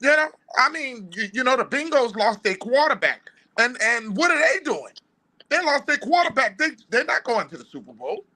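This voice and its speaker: On a sports podcast, a New Orleans-accented man speaks at normal speed with an extremely high pitch, big pitch swings, and a bright, forceful tone. He's fired-up and argumentative, casually pressing his analysis through rhetorical question after rhetorical question.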